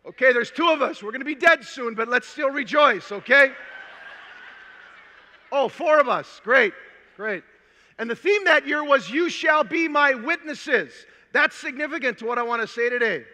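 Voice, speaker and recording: On a big hall's conference stage, an older Minnesotan man shares a personal story with animation and humor at a normal speed. His voice is very high and strikingly bright. Long reverb from the room trails each phrase.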